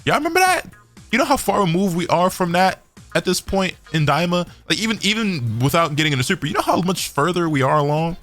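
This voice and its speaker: A man's voice: high voice, big pitch swings, quick pace, a bit bright, soft background music. A young man giving a loose, slangy casual recap as an anime reviewer.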